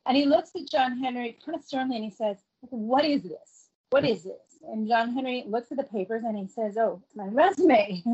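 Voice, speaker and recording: A middle-aged woman with a slightly high, breathy voice tells a long family anecdote in a loose, conversational way. She acts out each quoted voice as she goes. The recording sounds dull and lo-fi. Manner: animated, acts out the quoted voices, laughs between lines. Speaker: guest telling her family story. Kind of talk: casual anecdotal storytelling.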